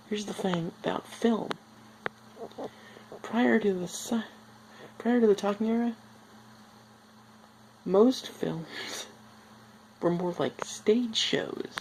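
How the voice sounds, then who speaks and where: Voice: mid-range voice, creaky, noisy background. A film reviewer talking casually, rambling off on tangents with many filler words.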